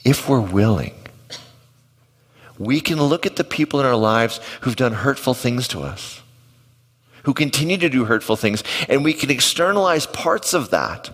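A man's voice: medium pitch, sing-song, moderate pace, fairly bright tone, husky. A man preaching a sermon as pastor, telling stories in a conversational way and putting questions to the congregation. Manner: conversational storytelling with asides to the congregation. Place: church auditorium. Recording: long hall reverb.

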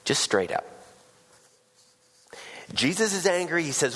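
A man preaching a sermon, retelling a story in a casual, animated way. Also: on the low side, slow pace, pauses often, breathy edge, in a large hall. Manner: casual storytelling, animated voices for quoted people. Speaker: pastor.

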